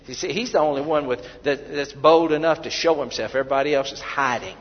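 A man preaching a sermon, fervent and emphatic, building to loud peaks and often restarting his phrases. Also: a little high, quick pace, breathy edge. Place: church sanctuary. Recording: long hall reverb, dull lo-fi sound.

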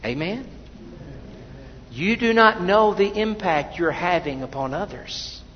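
A fairly high-voiced man preaching to his congregation in a folksy, conversational way, circling back and restarting his sentences as he tells stories. His voice carries a long echo through the church sanctuary. The recording is dull and muffled, with a faint hum underneath. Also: animated, takes it slowly. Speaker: pastor. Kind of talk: sermon.

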